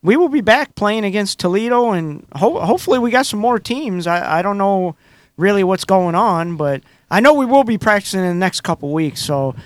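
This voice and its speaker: A middle-aged man chatting casually as a show regular, halting and hesitant, full of "uh" fillers. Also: high-pitched, lively intonation, no room sound. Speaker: show regular and amateur baseball player. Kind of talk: casual chat.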